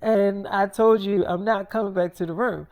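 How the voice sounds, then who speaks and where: A woman voicing a stubborn young werewolf wife who talks back to her mother in a lower, softer voice. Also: steady tone, normal speed, lightly acted. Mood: defiant.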